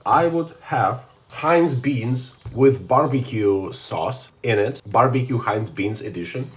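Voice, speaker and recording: A male live streamer reads viewer comments aloud and answers them bluntly, sounding casual and unbothered. He speaks slowly in a mid-range voice with a breathy edge.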